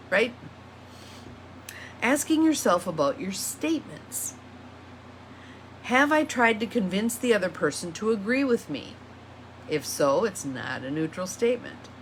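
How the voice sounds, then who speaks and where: A woman's voice: mid-range voice, fairly bright tone, slight background noise. A woman, an empowerment coach, talking through self-reflection questions in a casual teaching monologue, reading each question aloud and repeating it.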